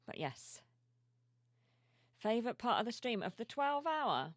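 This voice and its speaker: A sleepy woman streamer chatting softly and cheerfully with her viewers at home, reading their messages aloud. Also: a little high, sing-song, measured pace, no room sound, clean studio sound. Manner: soft-spoken, cheerful, reads chat aloud. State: sleepy, yawning. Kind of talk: casual live-stream chat. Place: home room with plushies.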